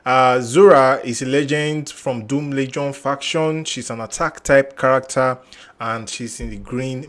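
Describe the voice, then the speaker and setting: A man's voice: mid-range voice, a bit bright. A young man hosting a game guide channel, thinking aloud as he reads through new character skills and restarts his lines. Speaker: gaming channel host. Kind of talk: casual game guide commentary.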